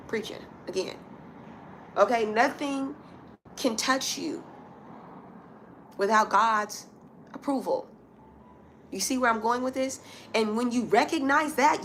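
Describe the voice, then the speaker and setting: A woman's voice: fairly high pitch, measured pace, vocal fry, long pauses, a bit bright, slight background noise. A woman giving a spiritual astrology reading that slips into preaching, emphatic, repeating lines and calling listeners honey and sweetie. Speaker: astrology and oracle card reader.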